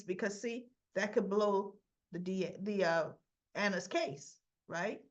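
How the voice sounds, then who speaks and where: A woman's voice: medium pitch, slow pace. Chatty, sassy woman recapping a soap. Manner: chatty, sassy, acts out the characters' lines. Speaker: soap opera reviewer. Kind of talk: casual episode recap.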